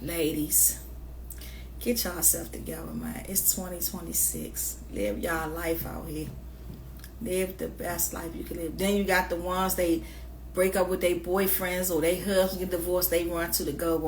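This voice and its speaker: A woman vlogging in a casual rant, moving from quiet, hushed asides to loud, laughing storytelling. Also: fairly low pitch, lively intonation, normal speed, slight background noise.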